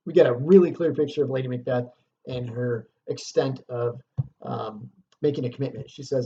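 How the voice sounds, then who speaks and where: A man's voice: medium pitch, steady tone, normal speed, dark tone, highs cut off. A man teaching a lesson on a stage play, explaining scenes casually and reading passages aloud.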